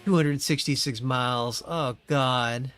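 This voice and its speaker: A man streaming a racing game, commenting as he plays with constant profanity, exasperated ranting and sudden yelled outbursts. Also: medium pitch, slow pace, clean tone, soft background music. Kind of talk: live gameplay commentary.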